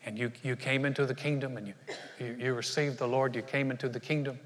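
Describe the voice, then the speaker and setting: A man preaching a sermon as pastor, animated and acting out short voices in his stories. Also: medium pitch, fast talker, big-room sound.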